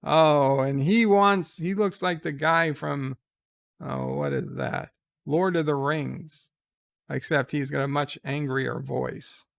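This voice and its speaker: A man's voice: fairly high pitch, slow, vocal fry. A man giving casual reaction commentary on a trailer, sarcastic and exasperated as he gripes. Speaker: trailer reviewer.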